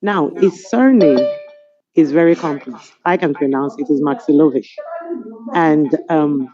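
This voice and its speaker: A middle-aged Nigerian woman on a webinar panel, telling stories in an animated, amused way over a video call. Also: low-pitched, a little slow, over music. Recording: dull lo-fi video call audio.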